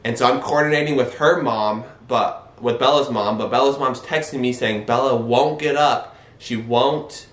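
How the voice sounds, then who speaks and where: A young man in his twenties, a vlogger telling a story in an animated way, acting out his own quoted lines. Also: medium pitch, moderate pace, echoey room. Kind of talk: casual storytelling.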